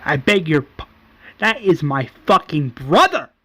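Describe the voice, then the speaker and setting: A man voicing a desperate young woman who pleads loudly in a slightly raised voice. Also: a little high, sing-song, measured pace, a little hiss or hum, full character voice.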